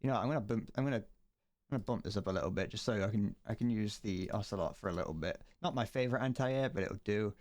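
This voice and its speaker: A man's voice: on the low side, fast, a little mellow. A man streaming a game, chatting casually, rambling and joking with viewers and swearing freely. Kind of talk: casual gameplay commentary.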